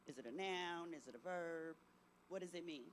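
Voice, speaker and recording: A middle-aged speaker leads a workshop for teenagers, asking questions of the audience and checking understanding with a steady "right?". The voice sits at a middle pitch, with faint background noise behind it. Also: normal speed. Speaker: youth workshop presenter. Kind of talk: interactive talk to teens.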